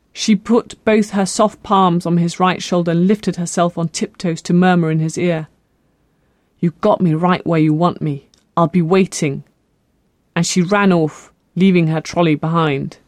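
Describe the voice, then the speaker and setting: An audiobook narrator with a medium-pitched voice reads a novel in a measured, expressive style. It is scripted narration in a clean, dry studio recording.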